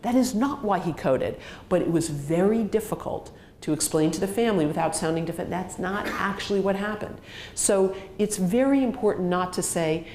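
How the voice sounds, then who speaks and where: A woman physician giving a grand rounds lecture, talking in an animated way, acting out bits of dialogue and using plenty of fillers. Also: lowish voice, moderate pace, echoey room, slight background noise. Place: hospital lecture hall.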